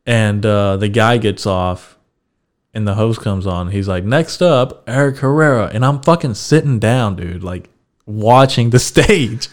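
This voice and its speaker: On a podcast, a young man with a fairly low voice spins a story at an easy, unhurried pace. Chatty and laid-back, he swears a lot and laughs as he goes.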